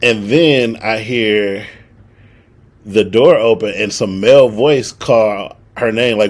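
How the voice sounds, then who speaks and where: A man's voice: lowish voice, slow pace. A young man, casually telling a story on a podcast and acting out the quotes. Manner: animated storyteller, acts out quotes. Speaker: podcast co-host.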